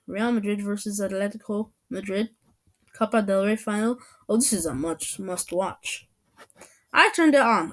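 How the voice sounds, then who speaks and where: A woman reading a first-person story aloud, in a playful, animated storytelling manner. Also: medium pitch.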